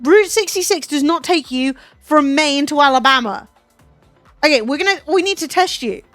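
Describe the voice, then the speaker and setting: A woman's voice: high-pitched, lively intonation, normal speed, a bit bright, no room sound. A British woman streamer chatting casually, teasing and incredulous, swearing freely. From Britain. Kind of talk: casual chat with a guest. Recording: dry close mic, faint music behind.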